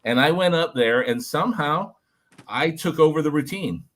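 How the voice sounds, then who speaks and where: A former reality show contestant, a man, telling an animated story to a group, talking with lots of fillers and "like". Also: a little high, normal speed. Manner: energetic, filler-heavy, lots of "like".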